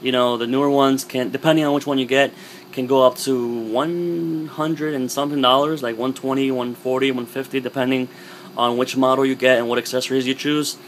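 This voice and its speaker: A young man at a middle pitch talks through a controller review in a loose, rambling way, full of fillers. His voice is wearing out and going rough. A faint hum sits underneath the recording. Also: brisk. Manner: rambling, filler-heavy, relaxed. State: losing his voice. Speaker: gaming vlogger. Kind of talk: casual product review.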